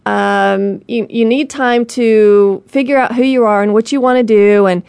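A woman's voice: on the high side, steady tone, a little slow, creaky, a little mellow, clean tone, dry recording. A woman hosting a show, telling a wild personal story in a rambling, candid way full of "you know" and restarts. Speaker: show host. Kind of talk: personal storytelling monologue to an audience.

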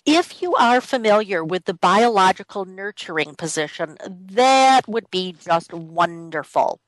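A woman's voice: medium pitch, animated, a little slow, hardly any pauses, no room sound, rough recording. Woman radio host, conversational, emphatic, dry close sound, office. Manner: emphatic, repeats key points. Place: home office.

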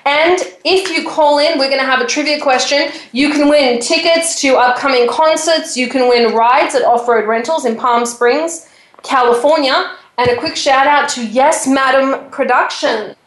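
A woman hosting a radio talk show, chatty and bubbly as she rattles off shout-outs. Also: high-pitched, moderate pace, echoey room, rough recording. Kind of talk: casual radio chat.

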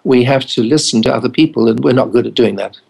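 Recounting anecdotes with wry humor in an interview, an older English GP and addiction specialist plays out the dialogue. His medium-pitched voice moves quickly and is creaky, slightly rough and darkish, though the audio is poor.

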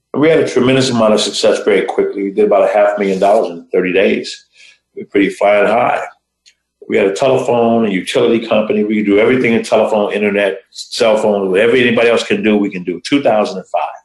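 A man hosting a show, telling a motivational story in short phrases with dramatic, deliberate pauses. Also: on the low side, a little mellow, roomy sound, rough recording. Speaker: host.

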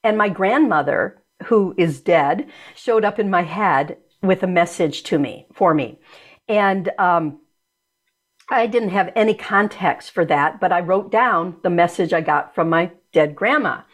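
A woman's voice: fairly low pitch, unhurried. Reflective woman guest in conversation. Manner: reflective, searching, with repeated restarts. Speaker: guest, author and energy medicine practitioner. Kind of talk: conversational interview.

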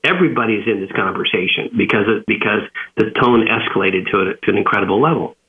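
A man's voice: fairly low pitch, quick pace. A man who is an author and businessman, telling a story as an interview guest, with many fillers and restarts. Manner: rambling, frequent fillers and restarts. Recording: tinny phone-line audio.

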